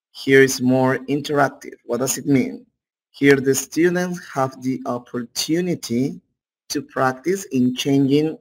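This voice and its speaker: Male English teacher, Peruvian Spanish accent, slow and steady lecture pace, mid-pitched, keeps checking in with students. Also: rough recording. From Peru. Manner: unhurried, checks in with "okay?". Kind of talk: online class lecture.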